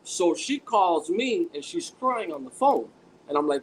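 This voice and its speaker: A man telling a long story in a casual podcast chat, rambling and animated with many restarts. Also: high-pitched, measured pace, a little hiss or hum, rough recording. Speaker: podcast guest.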